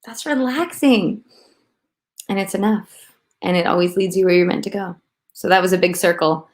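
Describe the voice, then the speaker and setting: A woman co-hosting a casual chat, talking in an animated, rambling way and often laughing. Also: fairly low pitch, fairly quick. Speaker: co-host.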